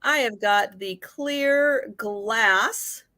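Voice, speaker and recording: Slow, unhurried woman hosting a sale. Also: fairly high pitch, sharp tone, no room sound. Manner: unhurried, describes items in detail and greets viewers by name. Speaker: live sale host selling vintage items. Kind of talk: casual live-stream sales chat.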